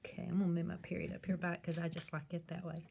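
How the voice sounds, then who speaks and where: A woman teacher speaking slowly and clearly in a sing-song way to young children in a recorded class, with her questions jumping high. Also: flat delivery, a little mellow, a little hiss or hum. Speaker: primary school teacher. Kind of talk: recorded remote class lesson.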